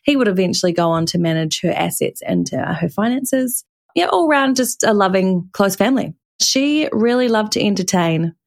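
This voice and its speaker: A woman's voice: medium pitch, expressive, moderate pace. A young woman with a New Zealand accent, co-hosting a podcast and playfully telling a true-crime story in casual chat. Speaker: podcast co-host.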